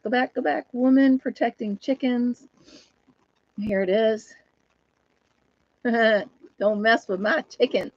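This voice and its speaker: A woman's voice: on the high side, dry recording, highs cut off. A woman hosting a casual live chat from home, laughing often and talking to viewers and her dog. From United States. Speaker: host of a live chat stream.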